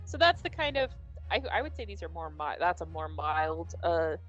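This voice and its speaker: A woman's voice: deep voice, big pitch swings, moderate pace, fairly bright tone, lo-fi sound, soft background music. A woman hosting a casual livestream chat, rambling with restarts and laughing easily as she reads out questions. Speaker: stream host reading would-you-rather cards.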